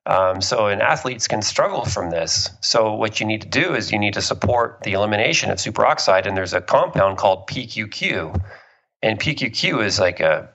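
A man's voice: fairly low pitch, expressive, moderate pace, a bit bright, lo-fi sound. A man, a book author guest, eagerly explaining health topics with analogies and personal stories. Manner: enthusiastic, explains with analogies and tells anecdotes. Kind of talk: conversational explaining.

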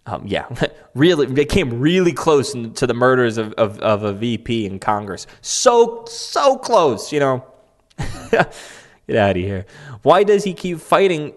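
This man speaks in a mid-range, very animated voice without hurrying, playing a political commentator who reads online posts. He rambles casually, full of fillers like "um" and "like," sarcastic and mocking, and breaks into laughter at times.

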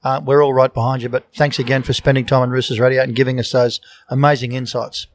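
A man's voice: mid-range voice, level tone, fast talker. An Australian man co-hosting a sports podcast, enthusiastic and full of praise. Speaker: podcast host. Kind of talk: casual sports chat.

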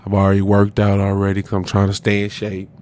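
A man's voice: fairly low pitch, completely flat delivery, fast, a little mellow, a little hiss or hum. A man in his thirties, a former pro basketball player, telling a long casual story as a podcast guest. He talks in slang and keeps saying "bro" and "swear to God.".

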